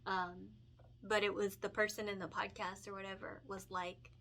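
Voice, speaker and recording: A woman's voice: mid-range voice, flat delivery, normal speed, gravelly, fairly bright tone. A young adult woman illustrator chatting casually while she colors, emotional and gushing, laughing often and saying "like" a lot. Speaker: picture book illustrator and vlogger.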